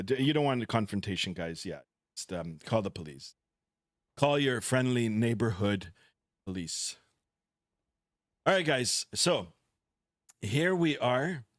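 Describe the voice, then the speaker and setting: A man's voice: medium pitch, no room sound, studio quality. A Canadian man streaming a flight simulator, chatting casually and reading viewer comments aloud. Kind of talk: casual live-stream chat.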